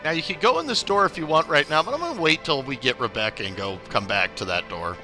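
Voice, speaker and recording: A man's voice: on the high side, animated, fast talker, music in the background. A young man streaming a video game live, chatty and upbeat, greeting viewers by name while giving tips. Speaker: gaming livestreamer. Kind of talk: casual live gameplay commentary.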